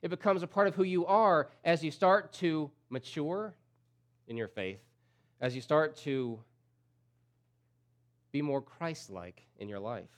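A man preaching a sermon as pastor, repeating key phrases and swinging from loud emphatic peaks to low, quiet drops. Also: unhurried, pauses often.

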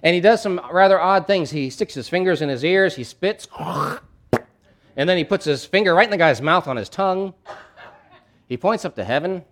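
A man's voice: high voice, lively intonation, moderate pace. A man preaching a sermon in a conversational, emphatic way, with asides and frequent restarts. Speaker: pastor.

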